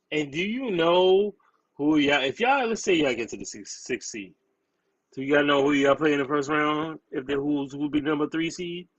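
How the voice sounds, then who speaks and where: A man's voice: a little high, animated, measured pace, highs cut off. A man, co-hosting a podcast and trash-talking sports rivals with brash, repetitive emphasis. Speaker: podcast co-host. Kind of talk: heated sports banter.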